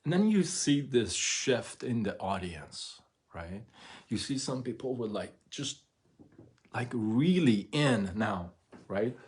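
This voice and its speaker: A man with a low, husky voice speaks slowly on his own livestream. He talks earnestly and with feeling, sometimes stumbling over words. The sound comes through a webcam or phone mic. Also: expressive. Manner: stutters when emotional, tearful, emphatic retelling. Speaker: livestream host. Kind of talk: emotional livestream monologue.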